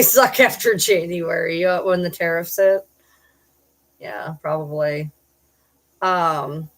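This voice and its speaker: A middle-aged woman streamer chatting casually with her viewers, blunt and profane, breaking into loud yells now and then. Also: medium pitch. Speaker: streamer reading chat. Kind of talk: casual live-stream chat.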